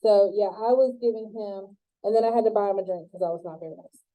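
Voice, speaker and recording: A woman's voice: mid-range voice, fast, dark tone, poor audio. A woman teaching a college web design class in a chatty, joking way, acting out both sides of conversations in her stories. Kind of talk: classroom lecture with storytelling.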